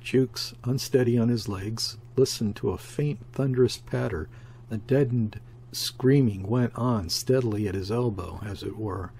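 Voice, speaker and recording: A man narrating a classic sea story as an audiobook reader, in a steady, measured way. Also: fairly low pitch, slight background noise.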